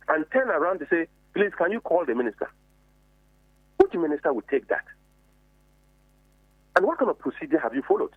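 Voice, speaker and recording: A man's voice: on the high side, slightly rough, dry recording. A man, a member of parliament, speaking with indignant emphasis and rhetorical questions. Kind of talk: heated political commentary. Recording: tinny phone-like dry line.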